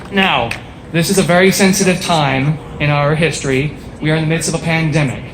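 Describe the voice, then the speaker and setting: A young man from upstate New York doing a deadpan, self-deprecating stand-up set on a small bar stage, speaking through a face mask. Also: high voice. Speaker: stand-up comedian. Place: small bar stage before a live audience. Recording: echoey bar room with faint ambience.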